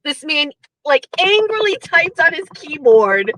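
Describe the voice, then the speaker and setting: Bright, high-voiced woman ranting hard. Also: a little slow, no room sound, low-quality recording. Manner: profane, animated, mocking impressions. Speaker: streamer host. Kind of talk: ranting commentary.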